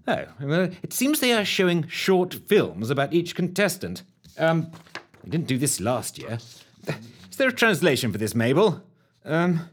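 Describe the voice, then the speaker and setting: A man's voice: mid-range voice, husky. A man doing comic, bumbling commentary on a baking contest, full of wry asides.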